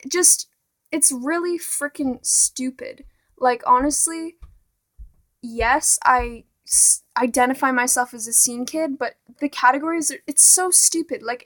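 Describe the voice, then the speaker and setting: Speaking to camera in a casual rant, a teenage girl vlogger sounds exasperated and keeps saying "like" and "honestly." Her voice is high-pitched and a bit bright.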